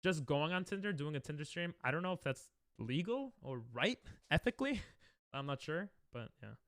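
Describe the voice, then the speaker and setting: A man's voice: a little high, expressive, moderate pace, a bit bright, no echo, studio quality. A man streaming, reacting to commercials in casual, joking chat with his viewers, often laughing.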